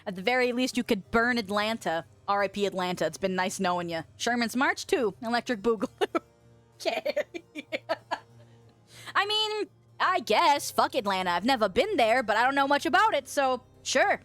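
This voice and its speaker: A young woman streamer with a fairly high voice, chatting casually and giggling often. Her mouth is full of peanut butter as she reads chat messages aloud and sings little filler tunes. Faint music plays behind her. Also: very animated, moderate pace, a bit bright.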